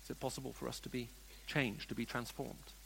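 A man preaching a sermon, moving between hushed storytelling and emphatic questions to the congregation. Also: medium pitch, fairly even intonation, brisk, vocal fry, a little hiss or hum. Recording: long reverb of a large hall.

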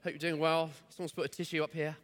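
A male pastor delivering a sermon in church, chatty and story-driven. His voice sits a little high and rings bright and forceful. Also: level tone, fast talker.

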